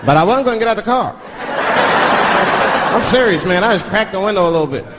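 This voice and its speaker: A male stand-up comedian telling a profane story, animated, acting out voices of the people in it. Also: high-pitched, fast talker, over a noisy crowd. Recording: live show with audience laughter and noise.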